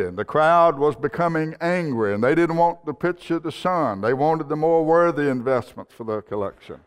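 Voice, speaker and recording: A man preaching a sermon in a church, telling a story earnestly. His voice is clear and resonant, and a long hall reverb trails each phrase. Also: fairly high pitch, animated, normal speed, hardly any pauses. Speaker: pastor.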